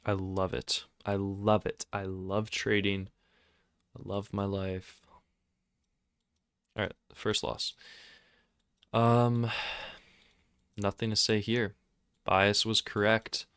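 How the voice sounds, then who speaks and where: Guy talking over his trading charts, hyped and sarcastic, smooth lowish voice, dry close mic. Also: slow, long pauses, dry recording. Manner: excitable, sarcastic and self-mocking. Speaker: trading video host. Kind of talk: casual screen-recorded commentary.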